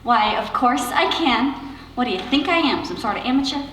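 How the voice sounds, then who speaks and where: A woman's voice: on the high side, animated, normal speed, a bit bright, slight background noise. A woman playing a vain, fussy stage diva actress in an audio drama, speaking haughtily and theatrically. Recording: echoey hall, distant mic, faint music.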